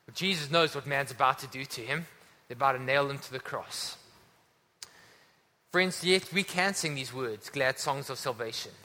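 A man's voice: a little high, bright, forceful tone. A man preaching a sermon to a church congregation, earnest and urging his listeners. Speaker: pastor. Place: church hall. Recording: long hall reverb.

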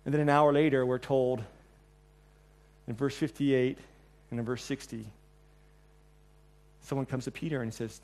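A man preaching a sermon in a church. He tells the story with energy, acts out the quotes, and moves between loud and quiet passages. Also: mid-range voice, a little slow, long pauses. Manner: animated storyteller, acting out quotes, swings between loud and soft.

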